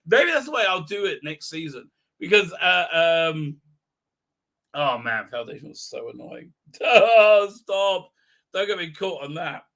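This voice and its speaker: A man's voice: fairly high pitch, sing-song, measured pace. A man hosting a casual live stream, rambling through a recap with profanity, sarcasm and lots of fillers. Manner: acts out characters' lines in shouted voices. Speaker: live-stream show host.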